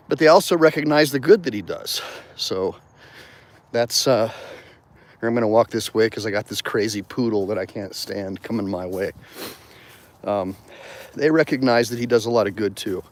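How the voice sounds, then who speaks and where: A man hosting a livestream as an attorney, talking outdoors while walking, conversational and digressive, stopping to thank viewers for donations. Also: medium pitch. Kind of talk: rambling livestream talk.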